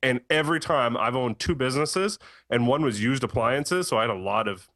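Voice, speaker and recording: Male podcast co-host, plain-spoken and firm, bright forceful tone, dry recording. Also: mid-range voice, fairly quick, no echo. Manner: firm, matter-of-fact, plays out phone calls. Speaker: business owner, podcast co-host. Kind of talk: casual podcast chat.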